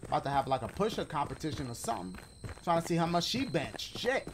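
A man's voice: a little high, big pitch swings, quick pace, gravelly, background noise. A man doing let's play commentary on a game, slangy and joking, talking to the viewers. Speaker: gaming YouTuber.

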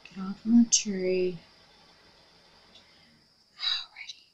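Woman, middle-aged, craft vlogger. Slow, lowish voice, talks to herself as she works. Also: a bit bright, highs cut off. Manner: chatty, talks to herself and viewers while working. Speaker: resin craft channel host. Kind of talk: casual crafting tutorial talk.

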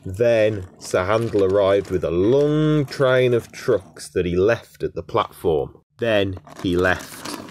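A man narrating a children's story in a steady, plain reading voice. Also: lowish voice, a little hiss or hum.

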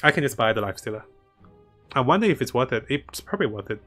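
A man's voice: medium pitch, sing-song, quick pace, a bit bright, soft background music. A man commentating his own strategy game live, chatting to viewers and laughing often. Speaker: streamer playing a strategy game.

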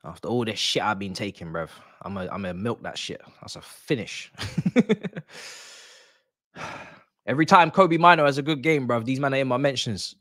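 A young man reacting live during a football watch-along, excitable and slangy, swearing and repeating himself. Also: mid-range voice, normal speed, dry recording, studio quality.

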